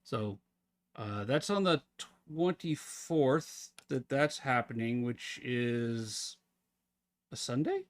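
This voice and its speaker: A man's voice: mid-range voice, slow. Casual male streamer chatting. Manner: relaxed, rambling, chatty. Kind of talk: casual chat with live stream viewers.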